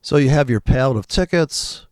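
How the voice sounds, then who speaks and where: A man's voice: medium pitch, expressive, normal speed, dry recording, studio quality. A man talking casually and profanely as he comments live on trading charts, rambling and thinking aloud. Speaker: trading video host.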